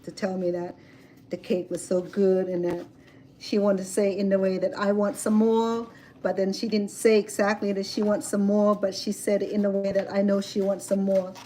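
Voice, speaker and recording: A woman's voice: mid-range voice, moderate pace, rough recording. Woman vlogger, chatty storyteller, cooking outside on a camera mic with faint noise behind. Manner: chatty, animated storytelling with fillers. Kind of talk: casual chat while cooking. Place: outdoors at a home grill.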